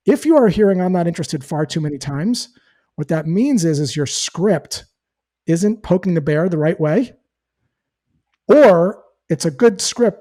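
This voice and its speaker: Male sales coach, raised pitch, mellow warm tone; explains and role-plays phone objections. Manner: explains with acted-out call examples. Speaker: sales trainer. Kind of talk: interview answer, teaching tone.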